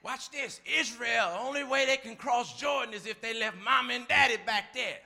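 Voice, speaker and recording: Gravelly, bright-voiced preacher. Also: male voice, very high-pitched, moderate pace, faint music behind. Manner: call-and-response preaching, shifts between shouting and soft asides. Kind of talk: sermon.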